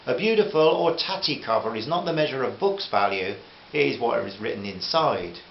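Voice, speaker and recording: A man reads his own novel in a relaxed voice, pausing for friendly asides to his listeners. The recording is roomy and a little dull, with a soft hiss underneath. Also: mid-range voice, gravelly. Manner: gentle, chatty asides to listeners. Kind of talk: audiobook narration with character voices.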